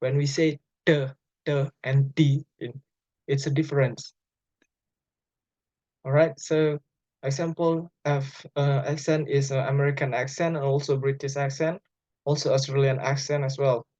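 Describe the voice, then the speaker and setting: Young man presenting, halting. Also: medium pitch, little pitch movement, a little mellow, no room sound. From Bali, Indonesia. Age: young adult. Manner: halting, many fillers, plain explaining tone. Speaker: student presenter. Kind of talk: class presentation lecture. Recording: dry, dull lo-fi sound.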